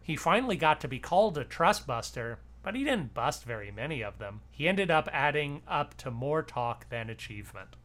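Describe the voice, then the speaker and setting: A man doing an impression of a gruff older male president, with a clipped, blunt delivery. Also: on the high side, very animated, normal speed, hardly any pauses, a bit bright. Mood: scornful. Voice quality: clipped and brief.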